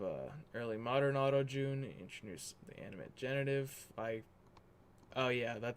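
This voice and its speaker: A man hosting a casual livestream, his voice at an ordinary middle pitch. He rambles, restarts and corrects himself as he talks. Keys clatter under his voice as he types. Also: a little hiss or hum. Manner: rambling, self-correcting, chatty. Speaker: livestream host. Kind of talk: casual livestream chat while working on a document.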